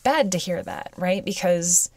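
A woman hosting a podcast, telling a personal story in a halting, emotional way with many fillers and restarts, sounding weepy. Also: fairly low pitch, huge pitch swings, creaky, darkish tone, no room sound. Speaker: podcast host.

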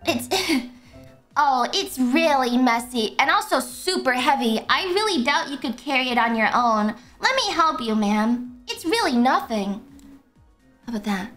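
A young woman streaming a game, talking casually, excitable and swearing a lot. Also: sits high, unhurried, faint music behind. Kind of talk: casual gameplay commentary.

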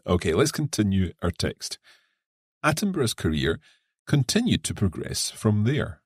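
A man co-hosts an English lesson podcast, reading passages aloud and explaining them clearly. His voice is very deep and a little husky, with a lively melody, and the recording is dry. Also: normal speed, no echo.

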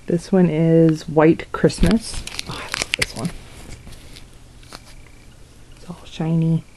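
A woman's voice: sits low, flat delivery, takes it slowly, noisy background. Chatty young woman gushing over scents. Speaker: vlogger showing a wax haul. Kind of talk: casual haul video chat.

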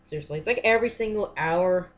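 A gamer in casual let's-play commentary who fills speech with "like" and "seriously," swears constantly and yells at jump scares. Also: mid-range voice, fast. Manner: filler-heavy, says "like" and "seriously" often. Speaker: gamer playing a horror game.

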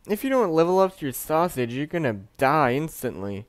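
A young man from Canada chatting casually over his gameplay, swearing often and swinging between mumbled asides and loud outbursts. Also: mid-range voice, sing-song, normal speed, few pauses, no echo. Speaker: gaming youtuber.

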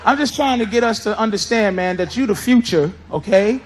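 A middle-aged man doing stand-up crowd work, loud, brash and profane as he teases the audience on a live stage. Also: sits high, a little fast. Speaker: stand-up comedian. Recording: live show with crowd laughter and noise.

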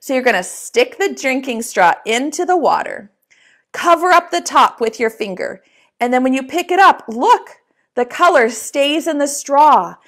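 A woman teaching a preschool lesson, talking to young children in a slow, encouraging way and asking them to repeat words after her. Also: high voice, animated, a bit bright.

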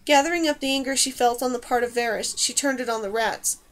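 A woman narrates a fantasy audiobook in a steady, even storytelling voice. Her voice sits notably high. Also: quick pace. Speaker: audiobook reader. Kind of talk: scripted narration.

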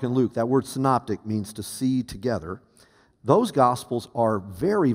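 A man's voice: medium pitch, a little mellow, big-room sound. A man preaching a teaching sermon in a conversational way, asking the congregation questions and often restarting his sentences. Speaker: pastor. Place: church sanctuary.

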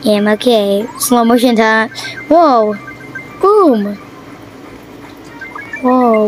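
A woman chatting casually over her gameplay, excitable and quick to gasp and yelp at what happens on screen. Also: fairly high pitch, faint music behind, low-quality recording. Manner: excitable, yelps and gasps at the game. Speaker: mobile game player.

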